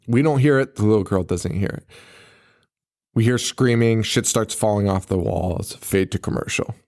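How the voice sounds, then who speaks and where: A man's voice: lowish voice, moderate pace, darkish tone. A man hosting a podcast in casual chat, rambling, swearing often and laughing a lot. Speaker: podcast host.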